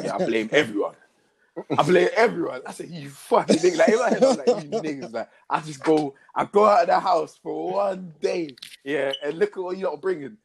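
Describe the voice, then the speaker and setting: A man's voice: on the high side, creaky. A young man telling a funny story in casual chat, laughing often and using a lot of slang. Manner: laughing, slangy, animated retelling.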